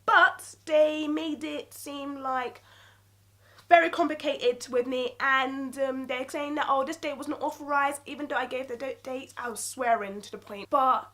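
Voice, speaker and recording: A young woman vlogging a story to her viewers, her voice pitched high. She rants in an animated, casual way, checking in with "okay" and "like" as she goes. Her tone is bright and sharp. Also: measured pace. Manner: animated, ranting, peppered with "okay" and "like".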